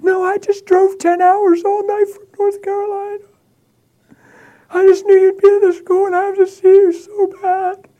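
A man's voice: extremely high pitch, little pitch movement, moderate pace, mellow, highs cut off, voice pushed up. A man voicing a distraught woman who is crying and pleading desperately.

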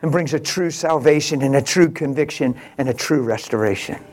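Here a man preaches as a pastor, his pitch fairly high as he tells a story. Quiet, unhurried lines give way to loud exclamations and back again.

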